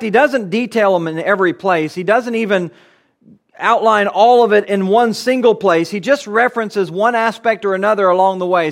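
A man giving an earnest expository sermon, teaching through a Bible book and driving points home with repeated phrases. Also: high voice. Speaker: preacher.

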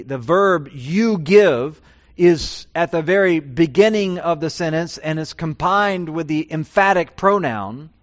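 Male pastor, sermon delivery, slightly high voice, emphatic rises and quiet drops. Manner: emphatic preaching, voice swells high then drops low.

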